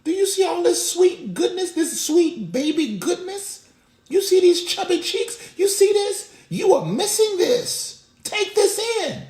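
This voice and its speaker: A man's voice: very high-pitched, big pitch swings, unhurried, a little mellow, pitched above the performer's own voice, full character voice. A man voicing his cute, chubby-cheeked toddler son who demands to be looked at and shows himself off. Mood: showing off. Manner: squealing, showing off. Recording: roomy echo.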